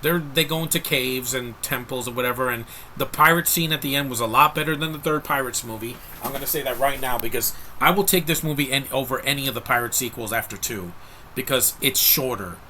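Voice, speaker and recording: A man's voice: medium pitch, a little fast, sharp tone, a little hiss or hum. A man giving a casual, rambling film review, talking frankly to his viewers with frequent restarts. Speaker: movie reviewer.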